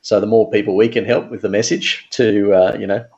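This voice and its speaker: Low gravelly man on a dull line. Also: steady tone, brisk, darkish tone. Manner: earnest explainer with frequent fillers and restarts. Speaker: financial advisor guest. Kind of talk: radio interview.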